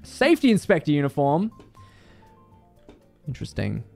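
A man streaming a game, giving casual commentary in a joking, excitable way and swearing freely. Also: a little high, moderate pace, creaky, faint music behind.

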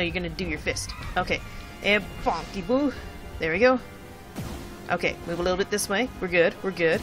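A let's play host giving casual gameplay commentary, thinking aloud in a chatty way and chanting repeated words while timing moves. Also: medium pitch.

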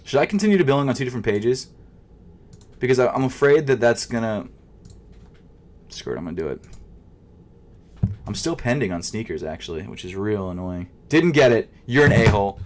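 A sneaker vlogger with a medium-pitched voice chats casually as he tries to buy shoes online, muttering in frustration and swinging between loud outbursts and whispers.

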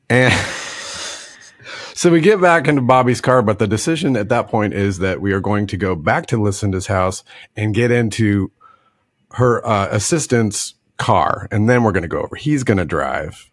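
A man's voice: fairly low pitch, lively intonation, unhurried, no room sound. A middle-aged man casually telling a story on a podcast, laughing often and acting out the other people in it with a put-on drawl.

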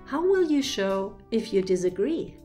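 A German trainer with a German accent gives an explanatory lecture, walking through ideas carefully and step by step with examples in a clear, methodical way. Her mid-range voice is very animated and dark in tone, at a measured pace, with soft music in the background.

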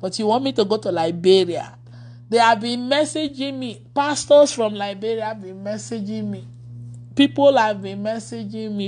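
A woman's voice: mid-range voice, moderate pace, darkish tone. A woman pastor in casual livestream chat with her followers. She laughs often and reads their comments aloud.

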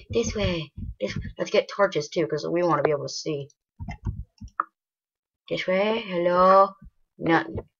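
Woman gaming host, casual play-by-play commentary, low-ish bright voice, excitable and gushing, dull lo-fi home mic. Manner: excitable, gushing and rambling, bursts into loud exclamations.

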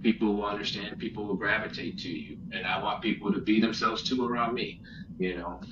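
A low-voiced man talks earnestly and rambles, circling back over his points. He sits well away from the mic in a roomy, echoey space. The sound is muffled and has loud noise behind it. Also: fairly even intonation, a little fast, far from the mic. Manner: earnest, rambling with many restarts. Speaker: podcast guest photographer. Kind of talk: casual interview chat.

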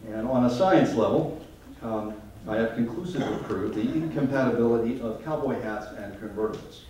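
A man's voice: medium pitch, a little fast, warm tone, slight background noise. A man giving a humorous stage talk as a photographer, wry and self-deprecating, in front of a live audience. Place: large hall before a live audience. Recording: echoey hall, mic from far off.

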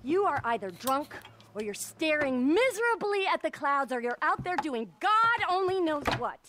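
An actress playing a bitter, sharp-tongued middle-aged wealthy wife in a video game cutscene, scornful and quick to curse. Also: female voice, high-pitched, sing-song, noisy background. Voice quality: scornful, cursing.

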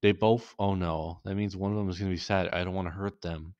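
Low-voiced man reading a story. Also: steady tone, a little fast, a little mellow, no room sound. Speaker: story reader. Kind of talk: first-person story reading. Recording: dull dry lo-fi recording.

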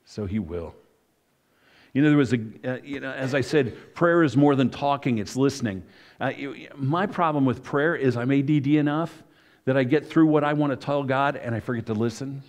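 A man's voice: medium pitch, moderate pace. A middle-aged man, a pastor, giving a conversational sermon full of asides and self-corrections.

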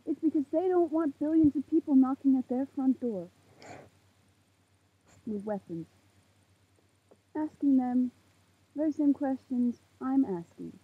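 18-year-old woman, fired-up swearing rant, very husky high voice, tinny phone-like sound, outdoors at night. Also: a little slow, pauses often. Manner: heated, swearing, preachy outbursts. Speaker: vlogger. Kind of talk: impassioned rant to camera. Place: outdoors in a parking lot at night under a makeshift roof.

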